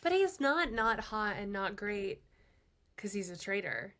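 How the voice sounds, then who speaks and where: Woman podcast guest, mid-pitched, hesitant and halting in casual talk. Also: very animated, fairly bright tone. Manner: halting, hesitant, many fillers and restarts. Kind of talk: casual chat.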